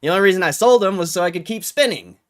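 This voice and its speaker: A man's voice: high-pitched, lively intonation, very fast, a bit bright. A young man hosting a livestream, ranting in an annoyed, swearing way with frustrated laughs. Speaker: livestream host. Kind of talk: casual livestream rant.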